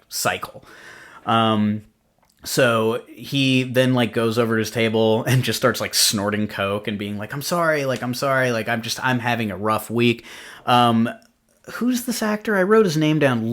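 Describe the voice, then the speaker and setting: A man's voice: medium pitch, a bit bright. A young adult man hosting a podcast, chatting casually through a film recap with lots of filler words and rambling asides. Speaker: podcast host. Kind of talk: casual film review chat.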